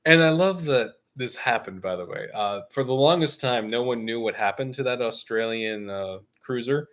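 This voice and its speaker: A man's voice: medium pitch, moderate pace, fairly bright tone. A man hosting a gaming stream, telling a long story in casual chat with jokey asides and frequent laughs. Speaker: stream host.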